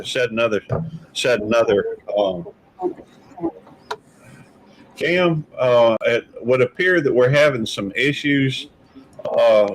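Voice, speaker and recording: A laid-back man hosts a casual live stream. His voice sits at an ordinary middle pitch. He rambles loosely and calls everyone brother. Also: a little hiss or hum, poor audio. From Mississippi.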